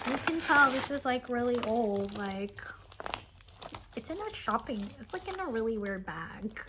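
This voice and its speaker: A woman vlogger chatting casually as she shows off craft kits, gushing and excitable, with lots of fillers and sighs. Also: on the high side, a little slow, noisy background. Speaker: cross-stitch vlogger. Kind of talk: casual show-and-tell chat.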